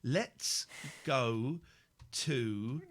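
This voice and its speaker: A man hosting a late-night radio phone-in from a studio, mocking and teasing callers with bursts of shouting. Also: medium pitch, very slow. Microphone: studio microphone.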